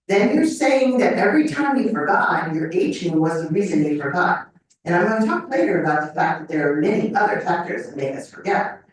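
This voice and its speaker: Older lady giving a talk, lowish voice, keeps asking "okay?", far from the mic in a really echoey room. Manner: conversational, checks in with "okay?". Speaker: memory lecturer. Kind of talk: live lecture to an audience. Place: lecture room. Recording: echoey hall mic from a distance.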